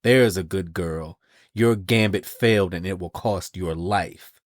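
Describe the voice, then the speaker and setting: A sly woman assassin speaks coolly, taunting the person she is after. A man with a low voice reads her part. The sound is close and dry. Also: unhurried, no echo. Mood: menacing. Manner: cool, taunting.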